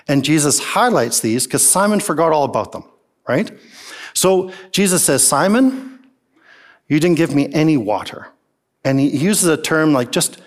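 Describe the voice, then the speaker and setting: Animated and emphatic, a male pastor with a slightly high voice preaches a sermon, firing off many rhetorical questions to the congregation.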